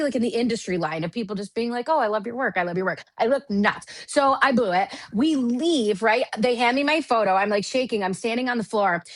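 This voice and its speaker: A woman from Michigan, a Broadway actress guesting on a podcast, telling a casual anecdote in a lively, self-deprecating way with lots of "like". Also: on the high side, dry recording. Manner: animated, self-deprecating, heavy use of "like".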